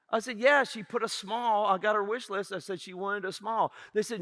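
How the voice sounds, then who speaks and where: A man's voice: sits high, steady tone, brisk, hardly any pauses, a bit bright. A middle-aged male pastor, telling a humorous story in a church sermon. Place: church sanctuary. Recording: reverberant church hall.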